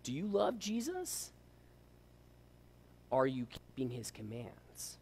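Animated man preaching a sermon. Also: medium pitch, slow, creaky, husky. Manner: animated, preaching with rhetorical questions. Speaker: pastor.

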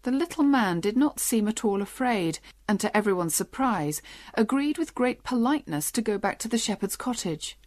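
A woman's voice: mid-range voice, animated, normal speed, a little mellow. Woman reading a storybook aloud. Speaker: narrator. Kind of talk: storybook reading for English learners.

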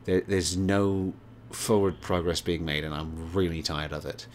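Man, very low voice, casual gameplay chatter, rambling, swears, faint background noise. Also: level tone, measured pace, darkish tone. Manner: rambling, many fillers and swearing. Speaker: gaming channel host. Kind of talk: casual let's play commentary.

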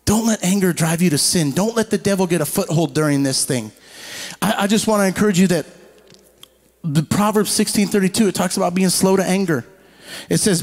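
A man preaching a sermon in an animated way, slowing down to read scripture and acting out quoted people. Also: sits high. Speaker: pastor.

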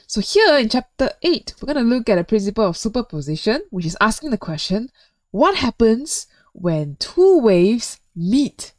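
A woman's voice: on the high side, sing-song, moderate pace, dry recording. A woman teaching physics in a recorded video lesson, chatty and playful, joking and putting questions to the viewer.

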